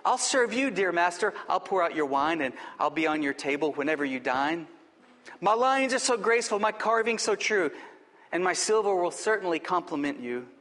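Vain silver urn in a sermon poem, male preacher reading; high voice, long reverb. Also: moderate pace. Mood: eager. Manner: eager, flattering.

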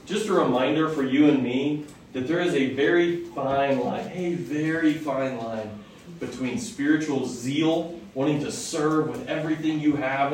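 A man's voice: mid-range voice, darkish tone. Man preaching, asks the room questions, big reverberant space, faint hiss. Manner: conversational, asks the audience questions. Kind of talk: sermon, Bible teaching. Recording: echoey hall from far off, faint noise.

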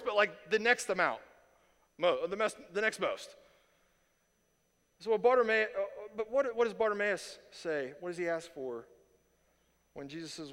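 A pastor delivers a sermon with animated energy, often doubling back on his words as he pushes a point. His voice sits a little high for a man. The sound rings with the long reverb of a church hall. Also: moderate pace. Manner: animated, repeats words when excited, self-correcting.

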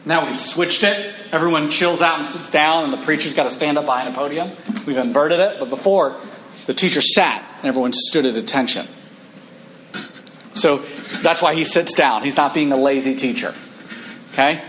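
A man delivers a sermon in a church, his voice sitting a little high for a man. He moves between reading scripture and casual, animated asides to his listeners. Faint ambient noise sits behind him. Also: moderate pace, low-quality recording. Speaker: preacher.

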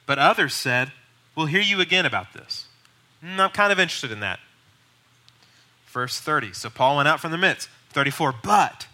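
A male pastor teaches with bold, urging emphasis. His voice sits a little high and has a very bright, piercing edge. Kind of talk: teaching sermon.

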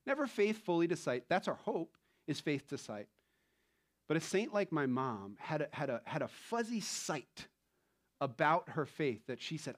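A man in his thirties preaching a sermon in a relaxed, conversational way, telling stories with light laughter. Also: fairly high pitch, a little slow. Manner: conversational, animated storytelling with laughs. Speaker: pastor.

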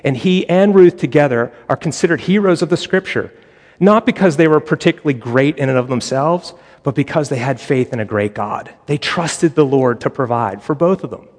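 A man with a slightly raised pitch, preaching to a congregation in a relaxed, conversational way. He acts out quoted lines and slips in humorous asides. His voice carries a long reverb, as if from a large hall. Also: normal speed. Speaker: pastor. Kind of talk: sermon.

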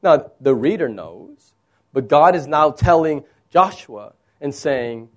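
Man preaching an expressive sermon. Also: takes it slowly. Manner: expressive preaching, acts out quoted lines with rising pitch. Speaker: pastor.

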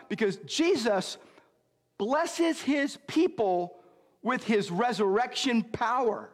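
A man preaching a sermon as pastor, earnest and emphatic, slowing down on key lines and speeding through asides. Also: extremely high pitch, expressive, long reverb tail.

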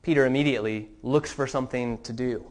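A man's voice: medium pitch, fast talker. A man preaching a sermon as pastor, earnest and questioning, with some restarts.

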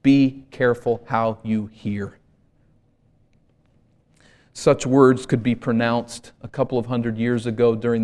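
A male pastor preaching a sermon in an earnest voice, rising to emphatic peaks and sinking to hushed low points.

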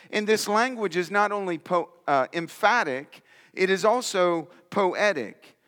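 A man's voice: high voice, a bit bright. Emphatic preaching man in reverberant hall. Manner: emphatic preaching, reading scripture aloud. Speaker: pastor. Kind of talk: sermon.

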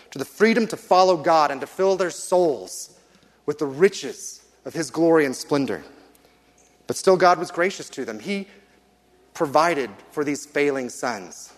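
Man preaching in a reverberant hall. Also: medium pitch. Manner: earnest, measured, slows for emphasis. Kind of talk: sermon with scripture reading.

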